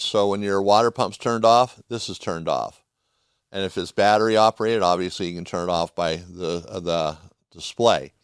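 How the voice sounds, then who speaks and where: Folksy low-voiced man, chatty. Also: smooth, no room sound, clean studio sound. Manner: folksy, chatty, rambling with restarts. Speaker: podcast host. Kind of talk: casual product talk.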